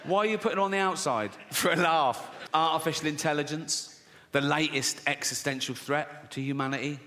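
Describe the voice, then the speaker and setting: A man's voice: a little fast, bright, forceful tone, long reverb tail. A man doing a sardonic stand-up routine, mocking people and acting out their voices. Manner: sardonic, mocking, acts out characters in sudden high voices. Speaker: stand-up comedian.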